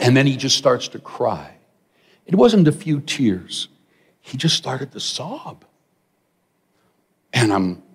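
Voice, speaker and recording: A man's voice: medium pitch, measured pace, long pauses, slightly rough. Middle-aged male pastor in a reverberant hall. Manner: storytelling, animated asides to the congregation. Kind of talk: sermon. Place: large church hall.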